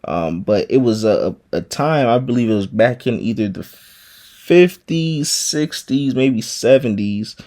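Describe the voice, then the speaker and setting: A man's voice: mid-range voice, animated, unhurried, dark tone. Man preaching with constant "right?" tags. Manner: tags nearly every phrase with "man" and "right?"; stammers and repeats words while searching. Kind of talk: informal scripture teaching.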